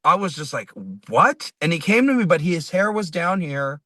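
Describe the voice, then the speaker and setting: A man, a singer-songwriter, telling a personal story as a guest in an interview, lively and quoting others as he goes. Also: fairly high pitch, moderate pace, dry recording. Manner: animated, quotes people in his stories.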